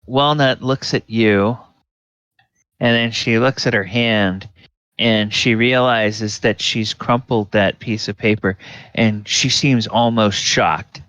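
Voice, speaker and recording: A man narrating a tabletop game as game master, in an unhurried way with fillers. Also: on the low side, fairly even intonation, a bit bright, no echo.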